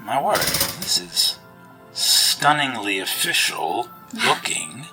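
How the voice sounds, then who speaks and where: A man's voice: mid-range voice, very animated, takes it slowly, music in the background. A man voicing a flustered new baroness in a tabletop game who stammers and fumbles for words.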